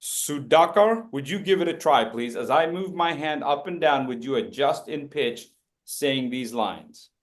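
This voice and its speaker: Here a man leads group drills at a public speaking workshop, joking with his audience in a playful way. His voice sits a little high, sounds animated, and keeps a measured pace.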